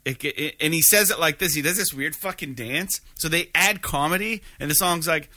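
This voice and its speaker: A man's voice: a little high, normal speed, bright, forceful tone, dry recording. A man casually chatting about a video game, rambling with many fillers and restarts.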